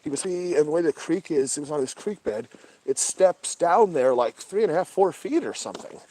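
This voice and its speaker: A man hosting a livestream outdoors at night, talking casually and swearing a lot, often dropping to a hushed whisper. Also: on the high side, animated, fairly quick, no room sound. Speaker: livestream host. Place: outdoors at night in brush by a creek.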